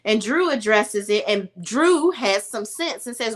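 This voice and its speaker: This woman has a fairly high pitch, lively intonation, and a measured pace. She gives a casual, opinionated recap of a reality TV episode, talking bluntly and with exasperation, using slang as she tells the story.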